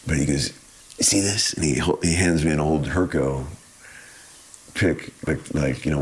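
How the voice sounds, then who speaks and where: A man's voice: very deep voice, husky. A man telling stories in a casual, laid-back way, rambling and often saying "man". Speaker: guest musician telling stories. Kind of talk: casual storytelling.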